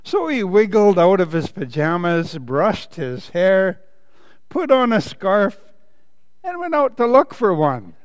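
A pastor reading a children's picture book to his church, his voice high and lively with wide swings in pitch. He takes it slow and drawn out, and a long hall reverb hangs after his words. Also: clean tone. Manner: animated, playful read-aloud with asides and laughs. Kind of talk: reading a children's story in a sermon.

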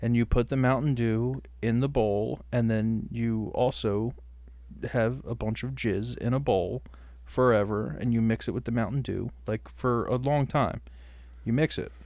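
A man's voice: medium pitch, steady tone, unhurried, a little mellow, dry recording. A man co-hosting a podcast in crude comedic banter, teasing his co-host and swearing often.

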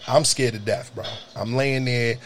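A young adult man telling a story in casual talk, animated and profane, jumping to high shouts. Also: moderate pace, slight background noise. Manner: animated, profane, jumps to high shouts when acting out scenes.

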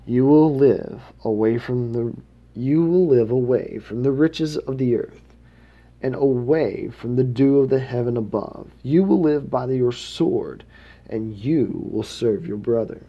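A man's voice: mid-range voice, a little slow, dull audio. A man reading the words of an aged blind father giving blessings, in a plain read-aloud voice with small slips. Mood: solemn.

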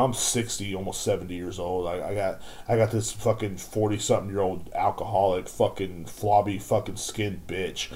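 A man's voice: fairly low pitch, a little mellow. A man hosting a podcast, telling a rambling, profane story about his job as a store clerk. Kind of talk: casual rant.

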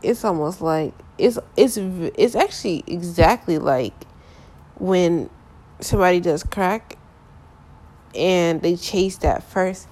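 A woman's voice: fairly low pitch, slow pace, darkish tone. A young woman talking candidly about her relationships in a casual, frank monologue full of filler phrases.

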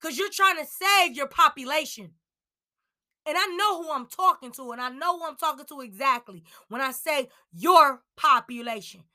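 A young woman hosting a podcast, ranting in anger, yelling and swearing. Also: high voice, expressive, moderate pace. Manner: yelling, heated, profane. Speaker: podcast host. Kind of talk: angry personal rant.

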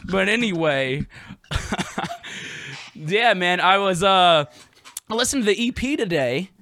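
A young man hosts a casual podcast in a bright, slightly raised voice. He sounds laid-back and slangy and swears freely. The recording is dry and close. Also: high voice, animated, takes it slowly, no echo. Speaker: podcast host.

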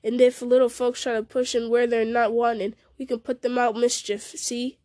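A bullying male ruffian threatens and sneers in a read-aloud story, voiced by a woman narrator. The voice sits a little high and mellow, recorded close and dry. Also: little pitch movement, moderate pace, dry recording, natural voice. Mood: menacing.

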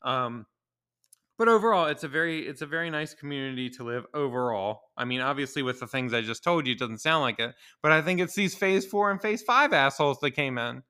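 A man's voice: medium pitch, expressive, a little fast, pushed and bright, clear, resonant tone. A young man hosting a solo podcast, ranting with opinions, swearing a lot and laughing as he talks. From Maryland. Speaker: podcast host.

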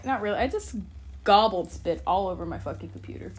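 A woman's voice: mid-range voice, expressive, fairly quick. A woman co-hosting a casual podcast chat at her home computer, exasperated, swearing often and mocking herself. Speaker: podcast co-host. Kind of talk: casual chat while gaming.

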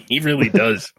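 A man's voice: medium pitch, slightly rough, no echo. Podcast guy with a stuffed-up nose, laughs a lot while he talks, dry close sound. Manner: laughing, animated storyteller. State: stuffy with a sinus infection. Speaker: podcast co-host. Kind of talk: casual chat.

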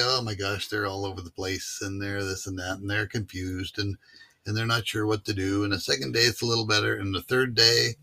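Gravelly, bright-voiced man telling stories. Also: on the low side. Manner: drawling storyteller with fillers. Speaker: mule clinician guest. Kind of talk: casual interview talk.

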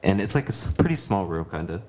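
A man's voice: low voice, very animated, fast talker, darkish tone, lo-fi sound. A teenage boy hosting a podcast, telling stories in casual chat and swearing freely. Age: teens. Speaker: podcast host.

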